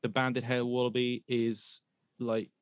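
A man's voice: medium pitch, little pitch movement, unhurried, clean tone, no echo. A man hosting a podcast in a casual, rambling way, trailing into hesitations and breaking into laughter. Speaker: podcast host.

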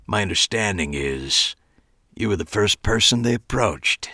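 A man doing a rasping, eerie thin old man. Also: fairly low pitch, expressive, unhurried, bright, forceful tone, dry recording, clean studio sound, full character voice. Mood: eerie, theatrical. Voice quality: throaty, rasping growl. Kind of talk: audiobook character voice.

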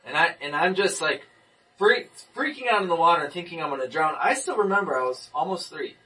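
Young man sharing his testimony, lively and repetitive, bright tone, picked up from across the room. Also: fairly high pitch, fairly quick. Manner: animated storyteller, restarts and repeats. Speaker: person giving a testimony. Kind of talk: casual testimony in a group talk. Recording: distant mic.

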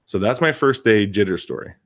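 Speaking expressively and fairly quickly, a man with a somewhat low voice tells a long tale on the casual podcast he co-hosts, chatting like the coach and PE teacher he is. He stresses points by saying words twice and delivers everything with emphasis.

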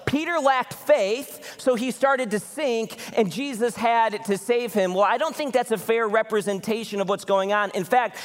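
A male pastor preaching a conversational, animated sermon, often acting out the voices of people in the story. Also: high voice, long reverb tail. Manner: animated, conversational, acts out voices in Bible stories. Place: church.

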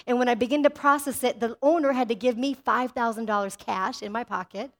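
A woman pastor preaching with a high, bright-pitched voice. She is energetic and tells personal stories. She keeps asking her listeners "amen?" as she goes. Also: a little fast. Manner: energetic, asks the congregation "amen?"; personal storytelling. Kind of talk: sermon.

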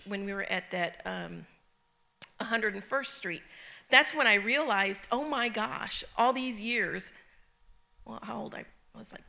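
Bright-voiced woman giving an informal sermon. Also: medium pitch. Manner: conversational and earnest, with frequent ums and restarts. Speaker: church speaker teaching a group. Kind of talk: informal sermon with personal story.

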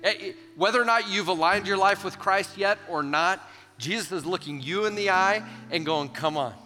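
A youth pastor preaching a sermon to students, animated and emphatic, acting out the voices in the stories he tells. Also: sits high, moderate pace. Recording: long hall reverb with soft guitar.

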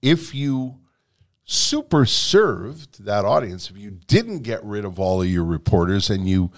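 A man with a lowish voice hosting a casual interview. He is agreeable and keeps the talk moving, asking long, searching questions. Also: big pitch swings, unhurried. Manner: agreeable, frequent backchannel "right". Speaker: host.

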